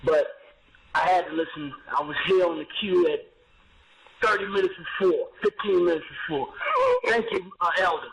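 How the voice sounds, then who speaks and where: A man's voice: high-pitched, moderate pace, creaky, noisy background. A man calling in to a radio show, eager and stumbling over his words. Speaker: caller. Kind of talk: call-in radio talk.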